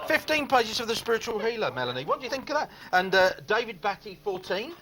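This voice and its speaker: A man's voice: sits high, very animated, fast, bright, forceful tone, poor audio. A British man presenting breakfast television, teasing his co-host with jokey banter and silly repeated catchphrases. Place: TV studio.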